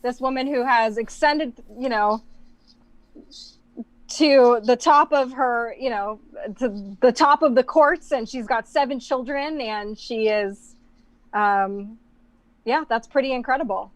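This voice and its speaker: A woman's voice: fairly high pitch, slow pace, no room sound. Playful woman co-host with a dry sound. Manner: playful, hesitant with fillers. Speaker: podcast co-host. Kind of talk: live podcast chat.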